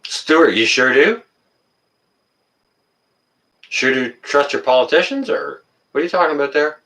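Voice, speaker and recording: Animated man ranting on a livestream. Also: a little high, a little slow, recorded from a distance. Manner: ranting, gets worked up then apologizes. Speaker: livestream host reading viewer comments. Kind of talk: casual livestream chat.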